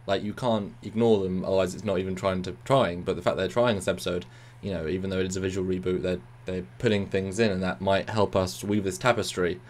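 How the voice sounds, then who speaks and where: A man co-hosting a casual review chat, talking in animated bursts and repeating words. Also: low-pitched, fast talker, few pauses. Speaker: co-host of a review show.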